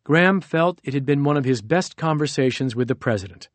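A man narrating a nonfiction audiobook in a measured, steady reading. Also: medium pitch, no echo.

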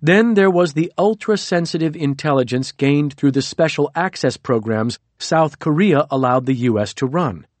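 A man reading a nonfiction audiobook in a measured, even narration. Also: fairly high pitch, dry recording. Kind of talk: scripted narration.

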